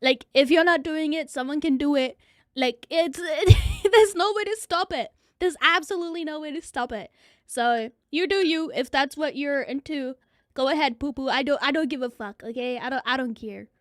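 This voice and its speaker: A young woman talks to her livestream chat in a high voice. She is blunt and profane and laughs often. The sound is dry and close to the mic. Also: normal speed, no echo. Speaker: streamer.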